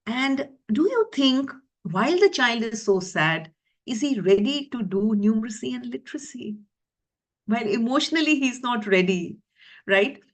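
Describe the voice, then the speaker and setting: A woman's voice: on the high side, expressive, normal speed. A middle-aged woman, earnestly explaining classroom practice in a webinar talk, using lists and rhetorical questions. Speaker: teacher trainer presenting a webinar.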